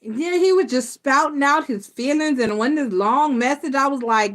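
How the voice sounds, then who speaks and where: Blunt, animated woman tarot host. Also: high voice, moderate pace, few pauses. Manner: animated storytelling, blunt and laughing. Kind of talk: casual live-stream chat.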